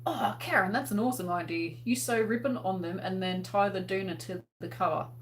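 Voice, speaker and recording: A woman's voice: mid-range voice, a little fast, slight background noise. Aussie woman chatting on her livestream, laughing a lot, lots of likes and ums. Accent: Australian. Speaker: host. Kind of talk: casual livestream chat reading viewer comments.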